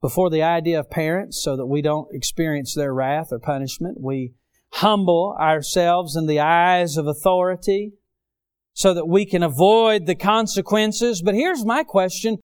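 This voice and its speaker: Man, preacher, sermon, smooth resonant voice, fairly high. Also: fairly even intonation, normal speed. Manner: impassioned, swells loud on key phrases then drops low.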